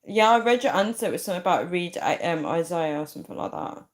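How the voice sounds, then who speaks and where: A woman's voice: lowish voice, lively intonation, fast talker. A young woman hosting a livestream, chatting casually and rambling as she reads out viewer comments, often breaking into giggles. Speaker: livestream host. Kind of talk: casual live chat reading comments.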